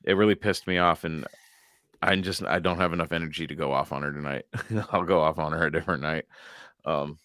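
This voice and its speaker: Brief: male podcast co-host, deep but bright voice, lively swings in pitch, dry close sound, profane and giggly. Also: fairly quick, no room sound. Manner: profane, laughs a lot, animated. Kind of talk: casual chat.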